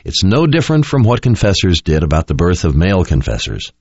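A man voicing a grave, bitter young man in an audiobook, speaking low and quietly. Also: big pitch swings, fairly quick, no room sound. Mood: somber. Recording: dull lo-fi dry recording.

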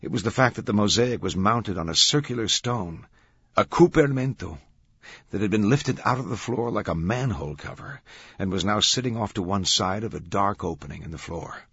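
A man narrating an audiobook in a measured, dramatic reading. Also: fairly low pitch, a bit bright, husky, dry recording. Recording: dull, dry studio sound.

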